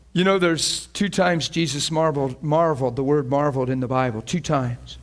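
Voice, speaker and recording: A man preaching a sermon, animated and emotional, acting out scripture scenes and breaking into laughter. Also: on the high side, normal speed.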